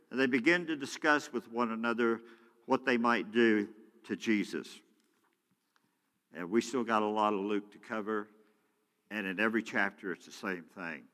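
A man preaching a sermon as pastor, swinging from loud shouting to hushed prayer. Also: fairly low pitch. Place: church sanctuary. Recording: church hall with long reverb.

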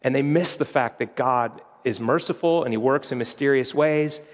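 A man's voice: mid-range voice, moderate pace. Man preaching in a reverberant hall. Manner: conversational teaching with quoted scripture. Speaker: pastor. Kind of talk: sermon.

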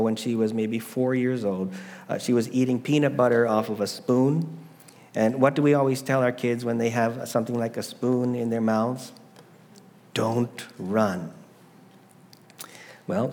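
A man's voice: medium pitch, darkish tone, long reverb tail. A middle-aged man preaching a sermon, telling a family story with rhetorical questions. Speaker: pastor.

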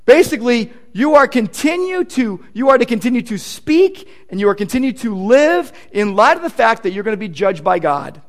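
A man's voice: very high-pitched, sing-song, moderate pace, few pauses. A male pastor preaching a sermon in an earnest, emphatic way, leaning on repeated points.

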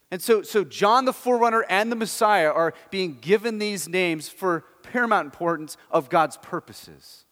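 A man's voice: on the high side, fairly bright tone, in a large hall. A male pastor preaching a sermon, telling the story with emphasis and asking rhetorical questions.

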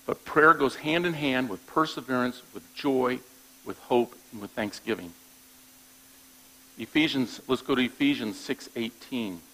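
A man's voice: medium pitch, unhurried, pushed and bright, rough recording. A man preaching a sermon in a conversational way, often checking in with his listeners and restarting phrases as he goes. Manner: conversational preaching with frequent "all right?" check-ins; repeats words when restarting thoughts. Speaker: pastor.

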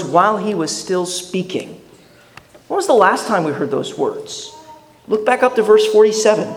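High-voiced pastor in an echoey hall. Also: male voice. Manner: earnest, questioning, repeats words when restarting. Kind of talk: sermon.

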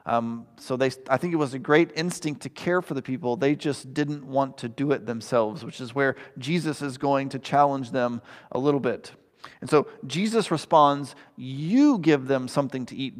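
A man's voice: medium pitch, in a large hall. A man preaching a sermon, earnest and conversational, with ums and asides to the congregation. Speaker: pastor.

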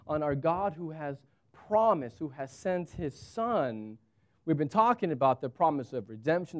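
A man in his thirties, a pastor preaching a sermon with animated storytelling and wide swings in pitch.

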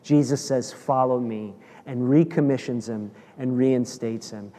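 A man preaching a sermon as a pastor, animated, acting out quoted dialogue as he tells the story. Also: mid-range voice, measured pace, in a large hall.

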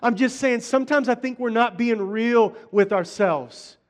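High-voiced man preaching a casual sermon. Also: measured pace. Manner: conversational preaching, frequent restarts and direct address. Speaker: pastor.

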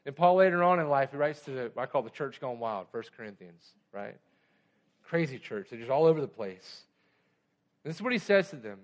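A man's voice: medium pitch, animated, normal speed. A man preaching a sermon as pastor, pressing his points with urgent emphasis and slipping into conversational storytelling.

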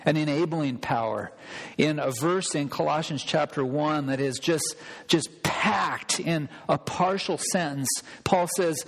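A pastor delivering a sermon, emphatic and repeating key phrases for weight. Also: male voice, a little high, takes it slowly. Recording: long reverb of a large hall.

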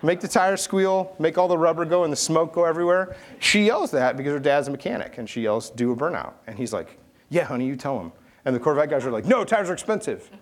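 A man preaching a sermon, telling stories with animated swings from loud calls to hushed asides. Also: on the high side, quick pace, hardly any pauses. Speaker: pastor.

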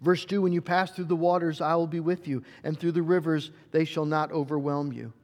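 A man preaching a sermon in an earnest way, sometimes repeating words as he works toward his point. His voice sits high for a man. The sound rings with the long reverb of a church hall. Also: steady tone, fairly quick, darkish tone. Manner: earnest, repeats words when searching for a phrase. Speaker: pastor.

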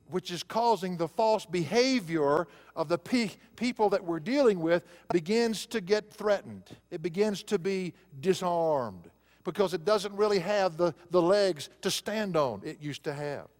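A man's voice: high-pitched, long reverb tail. A male pastor preaching a sermon, telling a personal story in a conversational way and rising to emphatic preaching.

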